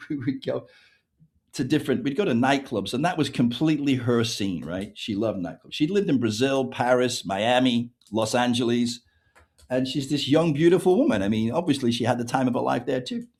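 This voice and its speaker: English guy on a podcast telling a wild story, really lively voice, does all the voices. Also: medium pitch, moderate pace. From England. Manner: animated storyteller, acts out quoted dialogue. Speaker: author guest.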